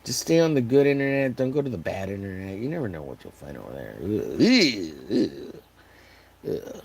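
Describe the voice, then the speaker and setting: A man's voice: fairly low pitch, sing-song, moderate pace, vocal fry, a little mellow, breathy edge. A man casually chatting to his live-stream viewers while painting, muttering to himself and cracking silly jokes. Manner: jokey, mumbling to himself, bursts of silly sing-song. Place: home studio with a video playing in the background.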